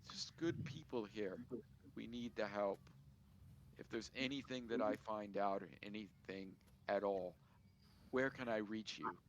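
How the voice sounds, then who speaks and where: A man's voice: lowish voice, a little slow, slight background noise, close to an everyday voice. A man voicing a kindly older male cheese farmer who speaks in a folksy, reassuring way. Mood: pleading. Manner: folksy and reassuring, says aye and lass.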